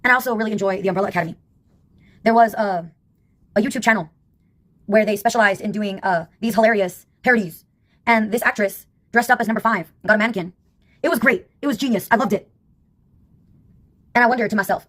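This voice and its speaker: A woman's voice: medium pitch, fast, long pauses, a bit bright. A woman in her fifties telling stories in a casual monologue, wry and sarcastic, laughing at her own anecdotes. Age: 50s. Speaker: vlogger.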